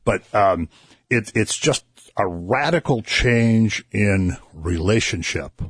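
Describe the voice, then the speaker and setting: A man's voice: fairly low pitch, slow pace, a bit bright, breathy edge, dry recording, studio quality. A man hosting a Christian radio show, earnestly explaining a Bible passage to listeners and his co-host. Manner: earnest, explanatory, builds emphasis. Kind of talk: conversational Bible teaching.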